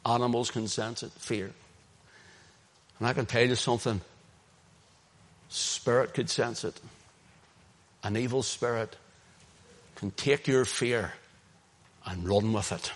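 Male preacher, Northern Irish accent, mid-range voice, impassioned sermon with loud-to-hushed swings. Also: mid-range voice, fairly even intonation, slow, pauses often. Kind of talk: sermon, streamed online.

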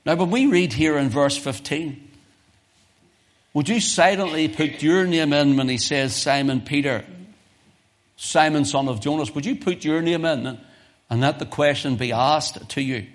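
In a church sermon, a man whose voice sits a little high for a man reads scripture in old-fashioned wording and presses questions on his listeners. He's emphatic, swelling loud and high on key questions, then dropping soft to explain, all at a measured pace.

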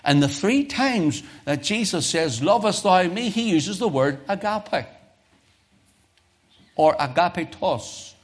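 This preacher, his voice slightly high for a man, delivers a sermon in church, reading archaic scripture and pushing questions at the congregation. Expressive and slow with a breathy edge, he rises loud and high at the big points and sinks quietly into explanation.

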